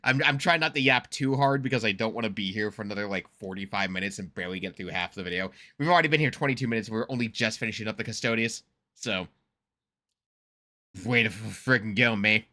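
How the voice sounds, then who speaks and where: An American reaction streamer with a lowish voice talks fast and sharply. His commentary is casual and rambling, and he laughs often while poking fun at himself.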